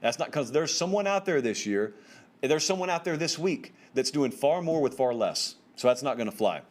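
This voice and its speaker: Man, sports show host, solo commentary, medium pitch, emphatic, casual, talks straight to viewers. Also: animated, normal speed. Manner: emphatic, conversational, pitch swings up for stress; informal slang and direct address to viewers. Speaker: host of a college football show.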